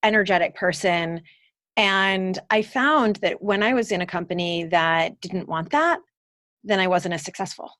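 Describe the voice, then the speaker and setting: A woman's voice: on the low side, normal speed, fairly bright tone, no room sound, clean studio sound. A woman from Detroit, a purpose coach, answering interview questions in a gregarious, enthusiastic way. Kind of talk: casual interview.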